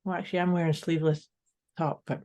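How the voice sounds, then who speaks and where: A woman co-hosting a motivational podcast, her voice mellow with a slightly gravelly edge. She chats casually and speaks straight to the listeners in an upbeat way. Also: low-pitched, level tone, fast, lo-fi sound. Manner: upbeat, addresses listeners directly. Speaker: podcast co-host.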